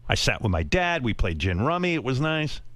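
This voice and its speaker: A male radio host tells a story in a casual, profane talk-radio style. His pitch swings widely as he slips into his family's voices. His delivery is energetic. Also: brisk, no echo. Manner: animated, profane, acts out family members' voices.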